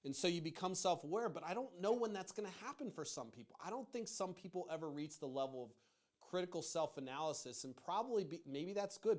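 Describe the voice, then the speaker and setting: A middle-aged man hosting a profane political rant, fired up, rambling and yelling his points. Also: fairly high pitch. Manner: rambling with restarts. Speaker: political commentary host.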